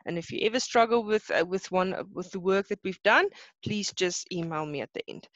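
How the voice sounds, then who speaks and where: A woman's voice: mid-range voice, brisk, fairly bright tone, no room sound, muffled recording. A South African woman teaching an online class, who explains each rule step by step and keeps checking that students follow. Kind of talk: online lesson.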